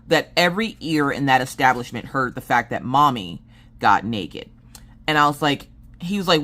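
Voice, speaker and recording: A woman's voice: very deep voice, normal speed. A woman in her thirties, casually telling a family story and acting out her family's lines in a jokey way. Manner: animated, jokey, acts out family members' lines. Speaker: vlogger telling family stories.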